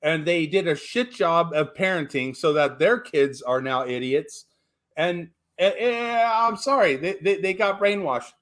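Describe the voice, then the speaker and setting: A man's voice: a little high, animated, a little slow, fairly bright tone. A man calling in to a talk show, ranting emphatically with stumbling restarts and blunt profanity. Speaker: caller. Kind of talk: call-in radio chat.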